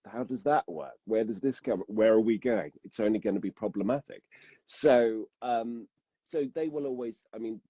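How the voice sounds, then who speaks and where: Low-voiced chatty male narrator. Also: normal speed, mellow, breathy edge, no echo, highs cut off. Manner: self-deprecating, chatty, many fillers. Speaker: guest audiobook narrator. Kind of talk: casual interview chat.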